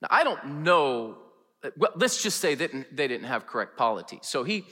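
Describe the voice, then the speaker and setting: A male pastor preaching a sermon in a chapel, telling funny stories with lively, animated delivery. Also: medium pitch, normal speed, long reverb tail. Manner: animated, humorous storytelling. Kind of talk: sermon with storytelling. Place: large chapel.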